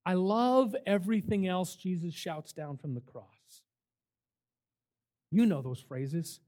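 An older man preaching to a camp crowd in a fairly high voice. He is an emphatic storyteller who throws himself into each anecdote. He swings between lively bursts and quieter, earnest stretches. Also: takes it slowly. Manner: animated, emphatic storyteller who acts out quotes. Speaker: camp director. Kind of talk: sermon with storytelling.

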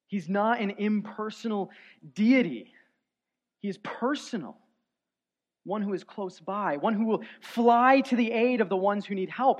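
Earnest preacher man, dull lo-fi recording. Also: unhurried. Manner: earnest, swings from soft and low to loud and emphatic. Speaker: pastor. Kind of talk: sermon. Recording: dull lo-fi sound.

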